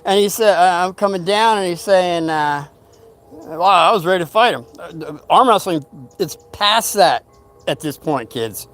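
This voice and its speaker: An older man rambles through a story from his youth, animatedly acting out what people said. His voice sits high and moves a little slowly, and the telling is casual.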